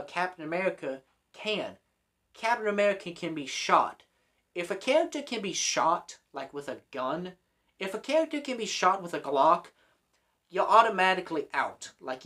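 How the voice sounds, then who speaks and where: A man's voice: high voice, fairly bright tone. A young man hosting a commentary vlog, ranting in an exasperated, sarcastic way with plenty of swearing. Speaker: host.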